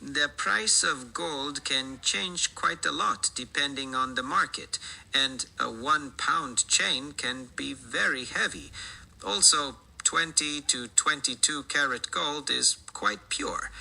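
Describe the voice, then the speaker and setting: A male-sounding synthetic voice assistant answering questions in a polite, measured way. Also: mid-range voice, vocal fry, bright, forceful tone, slightly rough, low-quality recording.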